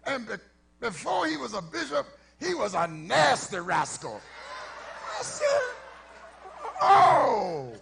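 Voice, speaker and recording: A middle-aged man, a pastor, telling a story in a sermon before his congregation, shifting from easy conversational talk to shouted preaching. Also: extremely high pitch, wildly swooping pitch, unhurried, gravelly, heavy background noise. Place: church sanctuary before a congregation.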